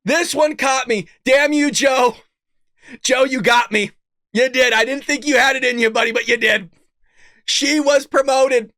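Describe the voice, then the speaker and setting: A man hosting a political commentary livestream, mocking and excitable, often laughing and cursing in disbelief. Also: extremely high pitch, unhurried, no echo, studio quality. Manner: mocking, excitable, repeats lines. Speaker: show host.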